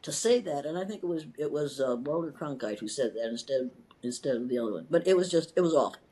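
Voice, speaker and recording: A woman's voice: low voice, expressive, fast talker, mellow, slightly rough. An older woman from Iowa, a retired schoolteacher telling her story in an interview, impassioned and emphatic, repeating words and restarting sentences. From Iowa, USA.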